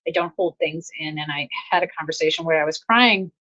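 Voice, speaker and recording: A middle-aged woman talks earnestly to her listeners in a casual self-help talk, circling back to repeat her key phrases. Her voice sits fairly low for a woman. The audio is a little dull and lo-fi. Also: fairly quick, sharp tone. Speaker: host.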